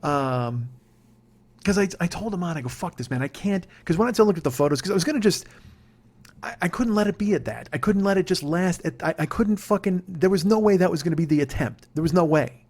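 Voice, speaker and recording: Fast-talking, profane comedy podcast host. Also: male voice, high-pitched, lively intonation, darkish tone. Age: 40s. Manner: rambling, profane, self-mocking. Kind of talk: comedic storytelling monologue.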